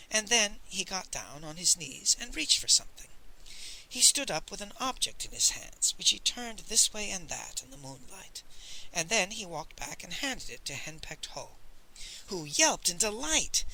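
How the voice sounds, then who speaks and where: A man narrating an audiobook in an animated storytelling style, with many character voices. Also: sits high, poor audio. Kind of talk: expressive audiobook reading.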